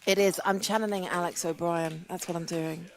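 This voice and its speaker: A British woman commentating live poker hands, chatty and quick to laugh, with a headset mic in a casino booth. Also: lowish voice, fairly even intonation, creaky, slight background noise. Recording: crowd chatter behind.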